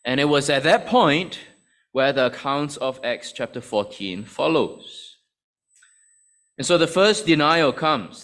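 A man's voice: on the high side, fairly bright tone. A man preaching a sermon in a conversational, explanatory way with many asides.

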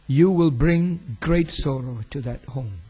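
A man's voice: medium pitch, takes it slowly, dark tone, slightly rough. A man preaching a sermon as a pastor, telling a story earnestly and rising sharply on key words. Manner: earnest, with sudden emphatic rises.

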